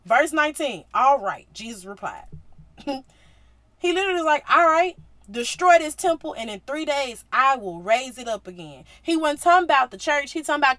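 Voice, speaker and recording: A woman hosts a casual Bible-talk podcast in a slangy, animated way. She acts out scripture scenes, and her voice jumps in volume when she plays them out. Her voice sits a bit high and swings widely, and it is recorded dry and close. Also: fairly quick, no room sound. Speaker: podcast host.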